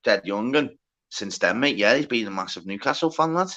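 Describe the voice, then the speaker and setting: A man hosting a casual livestream chat, swearing a lot and talking in quick bursts full of filler words. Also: lowish voice, expressive, a bit bright, highs cut off. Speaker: livestream host.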